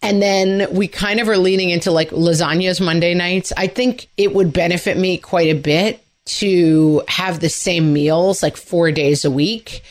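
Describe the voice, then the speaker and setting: A woman's voice: lowish voice, fairly even intonation, a little slow, few pauses. A woman co-hosting a podcast, chatting in a loose, reflective way with plenty of fillers. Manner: conversational, reflective, many fillers. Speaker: podcast co-host. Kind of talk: casual chat.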